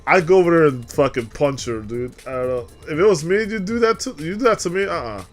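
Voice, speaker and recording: A man commentating on a game in a loose, profane, excitable way, laughing often. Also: fairly high pitch, fast, soft background music. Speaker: streamer.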